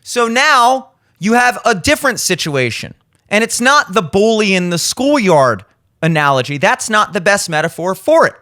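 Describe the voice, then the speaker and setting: Blunt, high-voiced man ranting. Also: sing-song, normal speed, pushed and bright. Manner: blunt, profane, acts out quoted lines. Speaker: podcast host. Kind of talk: opinionated commentary. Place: studio.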